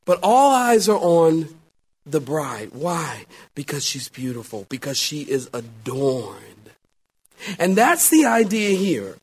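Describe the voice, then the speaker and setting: A middle-aged man, a pastor, preaching a sermon and telling a story, swinging between loud exclamations and hushed asides. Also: fairly high pitch, very animated, slow, breathy edge.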